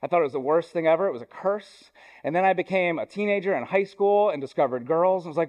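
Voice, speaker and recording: A man's voice: fairly high pitch, fast talker, a little mellow. Conversational young male pastor preaching. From Ohio, US. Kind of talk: sermon.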